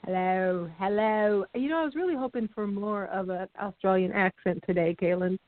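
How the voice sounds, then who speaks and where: A woman's voice: mid-range voice, normal speed. A woman co-hosting a casual talk radio show, chatty and bubbly, laughing often. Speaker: co-host. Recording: dry tinny phone line.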